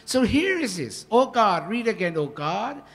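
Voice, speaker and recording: A man teaching a scripture workshop, talking in an earnest, animated devotional manner. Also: high voice, a little slow, husky, faint music behind. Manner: animated, earnest, with swells of emphasis.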